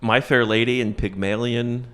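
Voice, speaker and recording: A man's voice: medium pitch, moderate pace. A middle-aged male comedian hosting a casual podcast, animatedly retelling a movie plot and acting out the characters' lines. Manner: animated storyteller who acts out characters' lines. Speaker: stand-up comedian and host.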